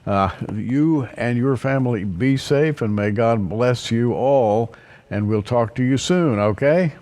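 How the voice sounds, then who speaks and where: A man hosting an interview, speaking haltingly with frequent fillers as he wraps it up. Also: mid-range voice, darkish tone. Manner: halting, filler-heavy phrasing. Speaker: host.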